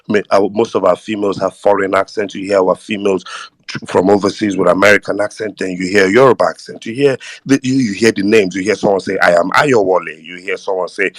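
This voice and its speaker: A man's voice: low voice, gravelly, no room sound. A man with a Nigerian accent co-hosting a live audio chat room, emphatic and sweeping, mixing in pidgin.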